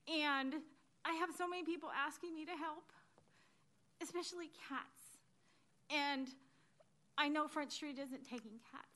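A high-voiced woman speaks at a council meeting podium, close to crying. She pleads in a rambling, emotional way and keeps losing her composure. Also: unhurried, pauses often, bright, forceful tone. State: near tears. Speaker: public commenter at a city council meeting. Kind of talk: emotional public comment. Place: council chamber.

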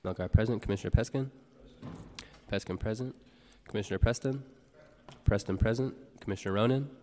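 A low-voiced man reads roll call and public notices at a quick clip, his tone dark and mellow. He is a board clerk who keeps things procedural. The sound carries a long reverb from a large council chamber. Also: slight background noise. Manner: brisk, procedural reading. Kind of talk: reading roll call and announcements.

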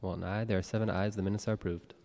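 Man, meeting clerk, lowish voice, formal procedural reading, reverberant chamber. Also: steady tone, very fast, vocal fry, a little mellow. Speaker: board clerk. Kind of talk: reading roll call and announcements. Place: city hall legislative chamber. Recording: long reverb of a large chamber.

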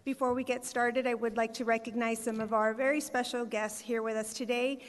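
A woman's voice: fairly high pitch, flat delivery, brisk. A woman from giving a formal welcome speech as a city communications director, upbeat and reading out names with small fillers. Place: performing arts center hall. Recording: long hall reverb.

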